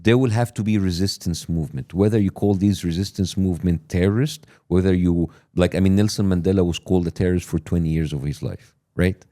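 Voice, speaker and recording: A man's voice: low-pitched, a little fast, few pauses, dark tone. A man in a heated political discussion, pressing his point insistently and steering questions back to the big picture.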